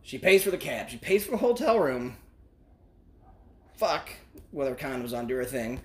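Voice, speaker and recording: A man's voice: mid-range voice, very animated, normal speed, a bit bright. A man in his forties telling a long personal story in casual, profane chat, rambling, laughing often and acting out the voices of the people in it.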